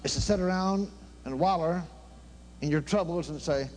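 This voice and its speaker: Fervent older preacher with a folksy manner. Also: male voice, sing-song, measured pace, pauses often. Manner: fervent, swinging between loud exclamations and low murmured prayer; folksy, with plain everyday grammar. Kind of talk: sermon. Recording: faint hum behind the voice.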